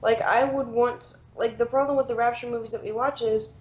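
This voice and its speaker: A woman's voice: on the high side, steady tone, fairly quick. A woman co-hosting a podcast, giving opinions in a wry, outspoken way. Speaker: podcast co-host. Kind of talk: casual podcast chat. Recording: lo-fi audio.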